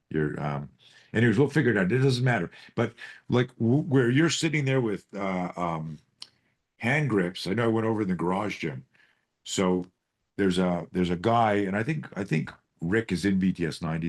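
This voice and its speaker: A man with a fairly low pitch, speaking at a moderate pace, coaches self-defense on a live group video call. His manner is animated and profane, with plenty of swearing and rhetorical questions woven into his stories.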